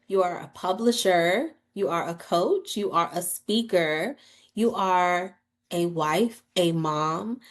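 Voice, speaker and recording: Woman podcast host, talks real slow, encouraging and curious with her guest. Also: mid-range voice. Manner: affirming, asks questions in an unhurried way. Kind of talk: podcast interview.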